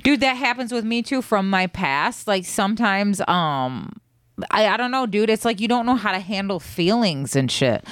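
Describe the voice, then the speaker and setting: A woman's voice: medium pitch, animated, normal speed, a bit bright, dry recording, studio quality. A young adult woman co-hosting a podcast, talking bluntly with lots of slang and swearing. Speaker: podcast co-host. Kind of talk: casual chat.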